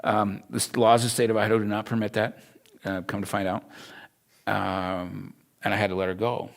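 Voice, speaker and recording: A low-voiced man with a gravelly, creaky edge, teaching a class. He tells a personal story in an earnest, emotional way. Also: flat delivery, brisk. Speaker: Bible school instructor.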